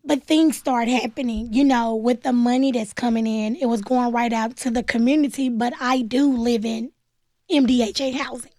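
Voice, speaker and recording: Telling her own story on a radio interview, a woman who founded a nonprofit is plainspoken and animated, acting out the voices she quotes. She speaks at a moderate pace in a slightly high voice, with no room sound.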